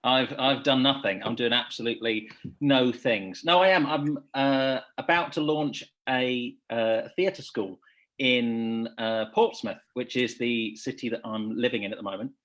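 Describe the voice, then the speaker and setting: Man, easygoing, self-deprecating, mid-pitched voice, video call. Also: measured pace, fairly bright tone. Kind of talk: casual video-call chat.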